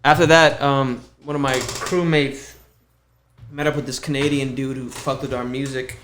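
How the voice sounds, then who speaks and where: A man's voice: mid-range voice, fairly even intonation, normal speed, fairly bright tone, reverberant, a little hiss or hum. Young man talking loosely on a podcast. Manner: loose, profane storytelling with many fillers. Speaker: podcast guest, musician. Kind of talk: casual podcast chat.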